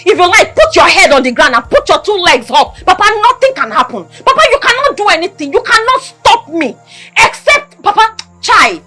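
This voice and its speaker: A woman's voice: very high-pitched, big pitch swings, fairly quick, few pauses, sharp tone, faint music behind, full character voice. An actress with a Nigerian accent playing a defiant young daughter who taunts her father in a film drama.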